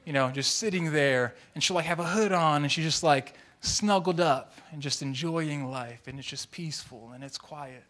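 A young man delivers a sermon in a casual, conversational way, spinning personal stories with playful mimicry and quick shifts of energy. His voice sits fairly high for a man. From Tongan and Mexican heritage. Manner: animated storytelling with lively mimicry. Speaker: pastor.

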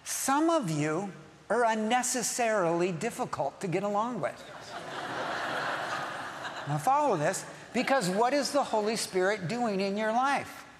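Pastor, male, high voice, emphatic sermon delivery, long hall echo. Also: lively intonation, a little slow, a little hiss or hum. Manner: emphatic, repeats key phrases, asks the congregation questions.

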